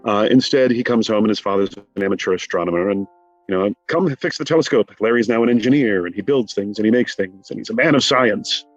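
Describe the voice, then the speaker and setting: A middle-aged man from the United States, a guest speaking in an animated way, with quick asides, in a conversational interview. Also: on the low side, no room sound, lo-fi sound, soft background music. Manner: animated, rapid asides, mock quotes. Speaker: guest, film scholar.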